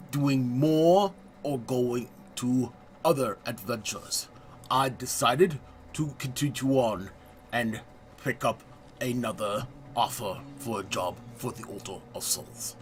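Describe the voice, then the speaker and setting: Slow-talking man in a mock French accent. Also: mid-range voice, slight background noise. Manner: playful, mock-grand narration in a put-on bad French accent. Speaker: gaming channel host. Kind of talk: let's play voice-over commentary.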